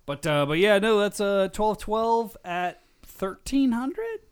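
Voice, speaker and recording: A man in casual podcast banter whose pitch moves a great deal as he talks. He keeps things joking and easygoing with his co-hosts. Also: animated, slow pace, clear, resonant tone. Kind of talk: casual chat.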